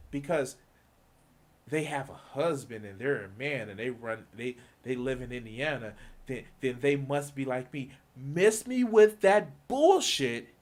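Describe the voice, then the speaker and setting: A man rants on a live stream, heated and profane, circling back on his own words as he builds up steam. His voice sits a touch high and swings widely up and down as he presses each point. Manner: heated, swearing, repeats himself, mocking quoted voices. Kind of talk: profane political rant.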